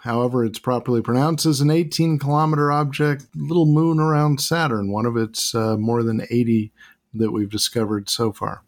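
A man's voice: medium pitch, steady tone, moderate pace. A man chatting on a radio show as its regular science guest, enthusiastic and playful. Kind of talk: casual radio chat.

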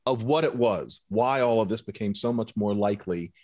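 A man's voice: lowish voice, normal speed, a little mellow, dry recording. A man who is a linguistics professor, a guest on a radio show, answering in articulate, analytical, long connected sentences.

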